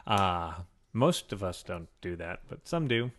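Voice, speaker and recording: Seated at a desk mic, a man banters with his podcast co-host, rambling, joking and laughing frequently. His voice sits low and fairly bright, with a sing-song lilt and a slightly slow pace.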